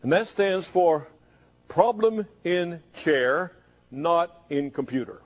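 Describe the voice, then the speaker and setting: A man's voice: fairly high pitch, expressive, slow pace. Fervent preacher, man. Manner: fervent, rising to impassioned questioning. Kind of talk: sermon.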